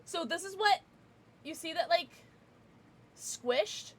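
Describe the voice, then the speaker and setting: A woman's voice: very high voice, lively intonation, slow, slight background noise. A woman streaming a video game, chatting casually with her viewers and swearing freely. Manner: chatty, swears freely, talks to chat by name. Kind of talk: casual livestream chat.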